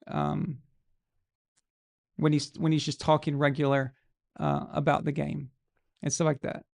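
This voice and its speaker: A man's voice: a little high, creaky, darkish tone, dry recording, studio quality. A man hosting a live show, giving blunt, opinionated sports commentary and swearing casually.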